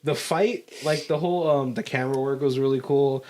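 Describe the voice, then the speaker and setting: A man's voice: mid-range voice, brisk, darkish tone. A man co-hosting a casual movie commentary podcast, rambling through a plot recap, often searching for words and laughing between thoughts. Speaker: podcast co-host.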